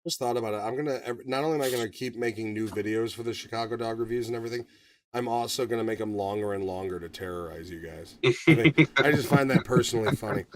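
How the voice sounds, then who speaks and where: A man hosting a casual movie review podcast, talking in a profane, animated way and acting out quotes. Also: on the low side, fast, distant mic, a crowd in the background. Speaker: podcast host.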